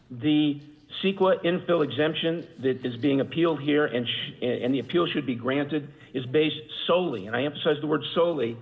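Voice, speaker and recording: A man giving a formal public comment by phone, arguing legal points with many fillers and restarts. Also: a little high. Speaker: public commenter at council meeting. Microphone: phone call-in. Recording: tinny phone line in a hall.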